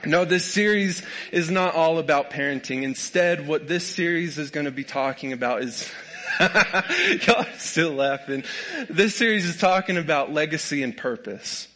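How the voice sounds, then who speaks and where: A young man preaching to his church in a folksy, joking way. His voice sits a little higher than most men's, and he keeps laughing along with his own stories. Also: animated, normal speed, sharp tone. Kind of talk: humorous sermon. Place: church sanctuary with a congregation.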